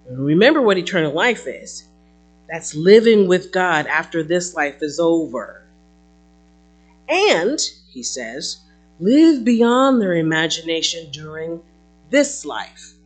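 A woman teaching a Bible passage in a lively, conversational way, breaking into playful asides. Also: lowish voice, breathy edge.

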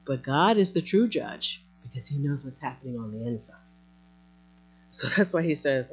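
A woman's voice: a bass voice, lively intonation, unhurried. A woman preaching a sermon in a conversational, emphatic way, acting out quotes as she goes.

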